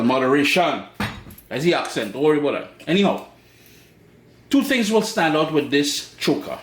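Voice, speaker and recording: A man with a Caribbean accent walks viewers through a recipe in a friendly, playful way, tossing in asides as he goes. His voice sits at an ordinary middle pitch. The kitchen is echoey, with faint clinks of cutlery and pots behind him. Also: slight background noise. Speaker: cooking show host. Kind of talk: cooking demonstration. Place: home kitchen. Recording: echoey kitchen with utensil clatter. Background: clinking dishes and cutlery.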